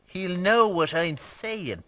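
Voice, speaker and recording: A man's voice: sits high, lively intonation, takes it slowly, sharp tone, no room sound, full character voice. A man voicing a gullible, grumbling older Irish puppet bachelor with an Irish accent, drawling, whiny and easily outraged. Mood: boastful. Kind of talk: comic sketch banter.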